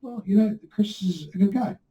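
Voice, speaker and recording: Man, podcast co-host, fairly high voice, distant from the mic, animated film chat. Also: moderate pace, muffled recording. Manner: animated, builds arguments with impressions. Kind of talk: casual film review chat.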